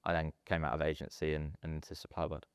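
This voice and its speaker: A man in his thirties, telling stories in a casual podcast interview, chatty and animated with plenty of fillers. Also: rumbling low, quick pace, clear, resonant tone, dry recording, studio quality. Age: 30s. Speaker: podcast guest, estate agency businessman.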